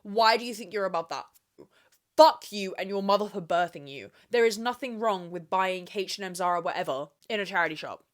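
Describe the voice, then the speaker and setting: A young woman in her twenties with a medium-pitched voice talks a little fast. Hosting a solo podcast, she speaks to camera on the camera mic, ranting emphatically and swearing freely.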